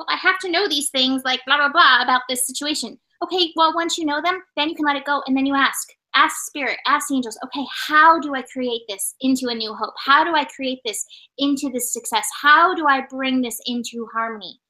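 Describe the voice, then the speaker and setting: A woman reading oracle cards in a soothing, encouraging way. Her voice is high and bright, with a crisp, sharp edge. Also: rough recording. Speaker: tarot and oracle reader co-host. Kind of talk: card reading, gentle guidance.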